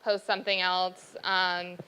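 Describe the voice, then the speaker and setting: A young woman presents tips on social media marketing. Her voice is bright, smooth and clear. She keeps an upbeat, playful tone and teases her co-presenter. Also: fairly low pitch, little pitch movement, unhurried, low-quality recording. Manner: teasing, upbeat. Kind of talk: presentation with banter.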